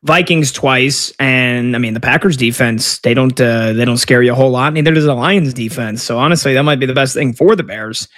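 A man's voice: mid-range voice, brisk, hardly any pauses, a bit bright. A man hosting casual sports talk, chatty and reacting to a live game as he steers the conversation with questions. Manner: chatty, leading questions and asides.

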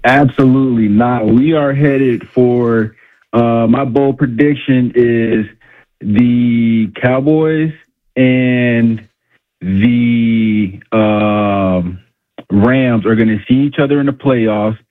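A man's voice: medium pitch, drawn-out words. Male caller on a tinny phone line, casual and confident. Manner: casual, confident hot takes. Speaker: radio show caller.

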